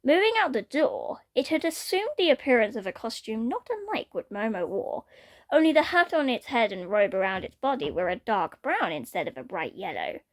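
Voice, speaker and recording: A woman reading a fan-written story aloud in an expressive way. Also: fairly high pitch, normal speed.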